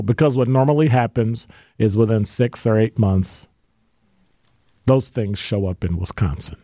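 A man hosting a radio talk show in a studio, talking casually with dry, deadpan replies. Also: fairly low pitch, unhurried, no room sound.

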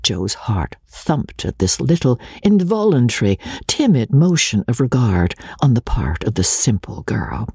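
A man narrating a classic novel in a breathy voice, often sinking to a near-whisper. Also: mid-range voice, sing-song, measured pace, hardly any pauses, a little mellow, no echo, studio quality. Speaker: audiobook narrator. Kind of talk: storybook narration.

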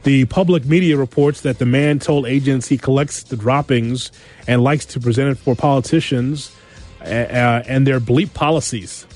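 A man hosts a sports radio show at an everyday pitch. He reads odd news items and tacks a joking aside onto each one. Faint music plays underneath. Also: a little mellow. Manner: wisecracking, quick asides after each story.

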